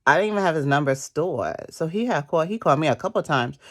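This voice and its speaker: A woman's voice: low-pitched, lively intonation, fast. A woman in her thirties chatting casually while doing her makeup, telling stories animatedly and laughing often. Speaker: beauty vlogger. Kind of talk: casual storytelling chat.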